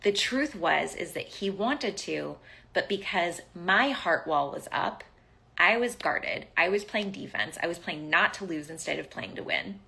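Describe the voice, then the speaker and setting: Bright-voiced emphatic woman host. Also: fairly low pitch, animated, a little slow, gravelly. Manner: emphatic, repetitive, swears casually. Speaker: podcast host. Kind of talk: casual coaching monologue.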